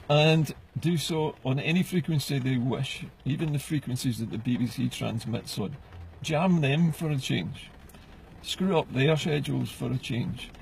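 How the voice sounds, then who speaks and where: A man's voice: mid-range voice, gravelly, a little mellow, slight background noise, low-quality recording. A middle-aged Scottish man ranting passionately from inside a car, firing off rhetorical questions as a political vlogger. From Scotland. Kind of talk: ranting to camera.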